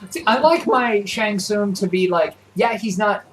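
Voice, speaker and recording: A man's voice: sits high, measured pace, a bit bright, soft background music. A man co-hosting a gaming livestream, chatting casually in an enthusiastic, rambling way that often corrects itself. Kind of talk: casual chat.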